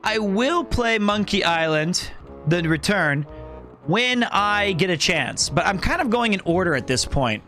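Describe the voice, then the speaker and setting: Man, high voice, bright tone, casual gaming stream chat, rambling talk to viewers. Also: expressive, a little slow, soft background music. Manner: chatty, rambling, talks to chat.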